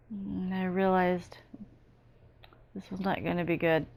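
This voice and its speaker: Slow, gravelly-voiced woman channeling. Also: on the low side, little pitch movement, a little mellow. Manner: halting, emotional, repetitive. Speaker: psychic medium. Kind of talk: first-person channeling narration.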